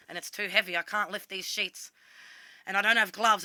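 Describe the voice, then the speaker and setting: Bright-voiced Australian woman telling stories. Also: medium pitch, steady tone, moderate pace, dry recording. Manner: blunt, swears freely, quotes herself. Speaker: vlogger. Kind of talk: casual storytelling vlog.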